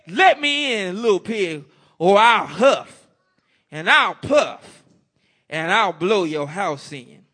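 A man voicing a sly, menacing male wolf in a told storybook, with loud, drawn-out threats. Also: sits high, very animated, exaggerated voice.

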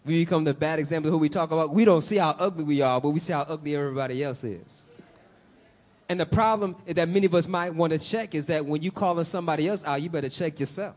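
A man's voice: fairly high pitch, quick pace, a little mellow. A man preaching a sermon, building emphasis in swells and putting questions to the congregation.

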